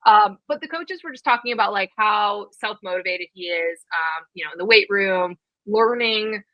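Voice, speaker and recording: A woman in her thirties co-hosting a college football podcast, talking fast and casually with lots of fillers. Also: medium pitch, dry recording, highs cut off. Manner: quick, chatty, many fillers. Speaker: podcast co-host. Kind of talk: casual sports chat.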